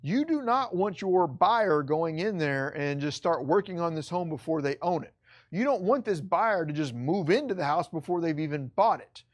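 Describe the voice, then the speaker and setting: An instructor lectures in an online course, pressing hard on each point and repeating key lines for effect. The talk stays blunt and casual, with plain everyday wording. The voice sits at a middle pitch. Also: lively intonation, moderate pace. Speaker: real estate instructor.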